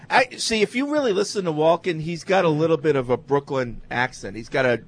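A man's voice: fairly high pitch, lively intonation, normal speed. A man hosting a radio talk show, chatting casually and reading listener emails aloud with lots of fillers.

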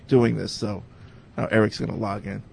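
Relaxed male podcast host. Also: on the low side, normal speed, gravelly, slight background noise. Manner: relaxed, with many filler words. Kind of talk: casual podcast chat.

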